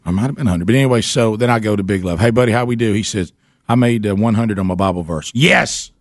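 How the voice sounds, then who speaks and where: Animated storytelling radio host, a man. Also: fairly low pitch, fast, no echo. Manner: animated, laughing, repeats himself. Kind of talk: casual storytelling chat.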